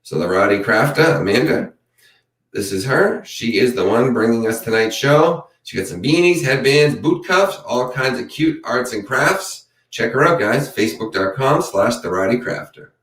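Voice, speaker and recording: A man's voice: medium pitch, animated, moderate pace, fairly bright tone, far from the mic. A chatty man closes his live stream in a loose, rambling way and answers viewer comments as they come in. He sits back from the mic, and the sound carries in a roomy space. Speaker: true crime channel host. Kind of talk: casual live-stream sign-off.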